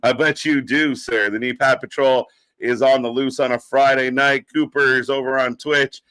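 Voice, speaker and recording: A man's voice: mid-range voice, fairly even intonation, normal speed, a bit bright, clean tone, no room sound. A young man hosting a live wrestling stream, casually greeting chatters by name in an upbeat way. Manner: rattles off chat names and greetings, upbeat. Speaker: host of a live wrestling watch-along stream.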